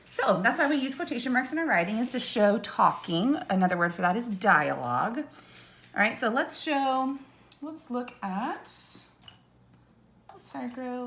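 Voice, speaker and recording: A woman teacher explains a lesson to young students in a bright, clear voice. She goes slowly and patiently, checking in with "okay?" and "right?" after each step. She turns away at times to write on a board, so her voice moves off the mic. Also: a little high.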